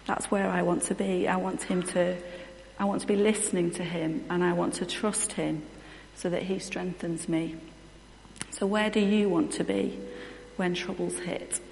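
A woman in her thirties preaches in a candid, conversational way, telling her own story. Her voice sits a little low, and it rings out with a long reverb through a large, echoey hall. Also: fairly even intonation, unhurried, creaky, a little mellow, slight background noise. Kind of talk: sermon with personal testimony.

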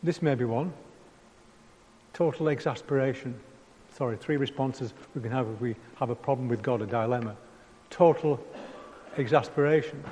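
A man's voice: medium pitch, normal speed, pauses often, dark tone. A man preaching a conversational sermon, acting out prayers in the first person. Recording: long hall reverb.

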